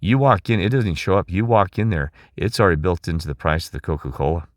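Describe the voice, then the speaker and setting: A man's voice: low voice, fast, no room sound, clean studio sound. A middle-aged man talking in a rambling, emphatic monologue, asking listeners questions and restarting his sentences. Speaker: channel host.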